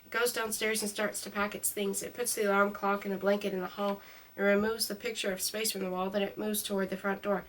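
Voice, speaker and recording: Woman reading stories calmly, mid voice, mic a little far off. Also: mid-range voice, fairly quick. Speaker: storyteller. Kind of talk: storybook reading. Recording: slightly distant mic.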